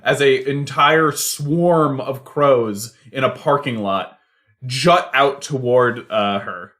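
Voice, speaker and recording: A man's voice: mid-range voice, slow pace, fairly bright tone. A man narrating an improvised audio drama casually, with frequent fillers. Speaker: co-host and improviser.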